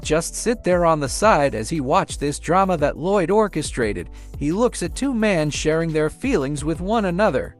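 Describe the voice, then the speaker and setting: A man narrating a comic recap with a plain, even read-aloud delivery. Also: on the high side. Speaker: story narrator. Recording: faint background music.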